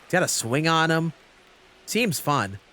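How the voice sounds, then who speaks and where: A man's voice: a little high, big pitch swings, a little slow, pushed and bright. A young man chatting casually on a live game stream, rambling with lots of fillers as he answers chat.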